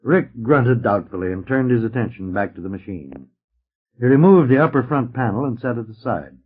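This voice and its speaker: A man narrating a story with an expressive, animated reading. His voice sits in a middle register and moves up and down freely. The sound is dull and lo-fi, like an old record transfer. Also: medium pitch, moderate pace, slightly rough. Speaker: audiobook narrator. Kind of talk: scripted narration.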